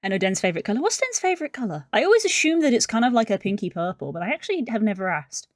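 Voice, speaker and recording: A woman's voice: a little high, very animated, very fast, no echo. A young woman streaming while editing video, rambling and musing aloud to her chat in a casual way.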